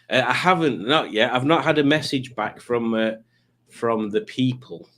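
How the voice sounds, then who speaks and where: A man in the middle of a casual live stream, chatting away in a loose, rambling manner. His pitch sits right in the ordinary middle range, and he jokes easily while he greets the people in the chat. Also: moderate pace, fairly bright tone. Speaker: livestream host. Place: home streaming setup with lights.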